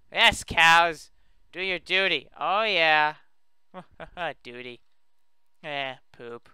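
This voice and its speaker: A man giving excited, playful gameplay commentary on a let's play, taunting his opponent and shouting when things happen. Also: a little high, drawn-out words, long pauses, smooth, no echo. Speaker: gamer doing a let's play.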